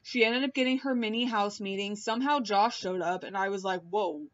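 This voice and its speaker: A woman's voice: mid-range voice, a little fast, fairly bright tone. A woman in a casual, rambling chat to her viewers, filmed on a laptop mic at home, swearing and laughing often. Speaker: vlogger. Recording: dull lo-fi laptop audio.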